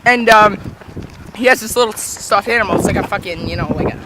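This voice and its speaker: A teenage boy casually telling a profane, animated story while walking outdoors. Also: high-pitched, a little fast. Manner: animated, profane, laughing asides. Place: city street, outdoors, walking. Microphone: handheld music player. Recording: noisy street recording.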